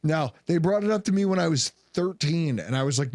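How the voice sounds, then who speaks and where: A man's voice: a little high, a little fast, dry recording, clean studio sound. A man co-hosting a podcast, telling jokey stories in casual banter. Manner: joking, animated storytelling. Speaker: podcast co-host.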